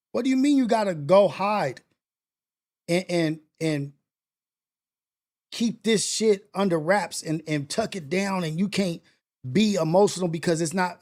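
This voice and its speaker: A man's voice: sits high, darkish tone. A male host reacting to video clips, talking in a passionate, preachy way and repeating his points. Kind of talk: reacting to clips on a talk show.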